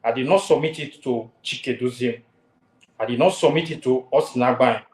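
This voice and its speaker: A man lecturing hard on a talk show, hammering the same warnings again and again. His voice sits at an ordinary pitch, and the room rings with echo around it. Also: normal speed. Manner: forceful, repetitive warnings. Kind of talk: heated online talk show.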